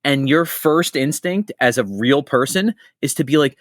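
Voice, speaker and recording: A middle-aged man hosting a casual podcast, telling stories in an animated way, swearing freely and jumping between tangents. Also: medium pitch, moderate pace. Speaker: podcast host.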